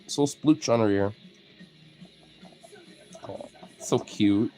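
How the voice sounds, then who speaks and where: Talking to his dogs as he comments on video of them, this man has a lowish voice and speaks slowly over soft background music. His manner is excitable and casual: he coos at them in baby talk, laughs in bursts, and swears offhandedly.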